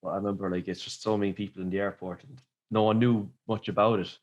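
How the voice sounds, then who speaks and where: A man with a low, deep voice speaking as a podcast guest. He talks fast in a flat, matter-of-fact way and keeps his pitch steady throughout. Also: highs cut off. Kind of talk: casual chat.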